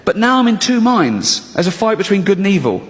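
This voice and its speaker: Animated stand-up comic in a hall. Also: male voice, brisk, a little hiss or hum. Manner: animated, acts out inner voices in shifting pitches. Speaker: stand-up comedian. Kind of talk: stand-up routine. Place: comedy stage. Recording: large hall with audience laughter.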